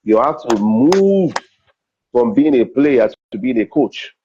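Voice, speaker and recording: A man's voice: medium pitch, big pitch swings, slow pace, warm tone, slight background noise. A middle-aged man with a Nigerian accent, a comedian and MC telling personal stories in an interview, acting out dialogue and repeating phrases for emphasis. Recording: dull, slightly lo-fi recording.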